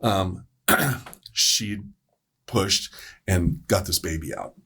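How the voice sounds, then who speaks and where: A male paramedic telling a story to a podcast panel, with a deep, husky voice. He talks casually and acts out what others said. His tone shifts between quoted speakers. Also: very slow, sharp tone.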